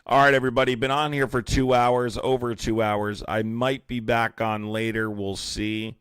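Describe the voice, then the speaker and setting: A man's voice: mid-range voice, little pitch movement, normal speed, a bit bright, clean tone, no echo, clean studio sound. A young man hosting a livestream, reading viewer comments aloud and answering them in a heated, confrontational way. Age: young adult. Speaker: livestream host. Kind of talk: live-stream chat, reacting to viewer comments.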